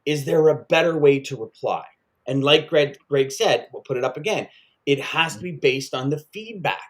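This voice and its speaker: A man's voice: mid-range voice, expressive, normal speed. A man co-hosting a casual sales podcast, talking with energy and repeating points for emphasis. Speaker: podcast co-host.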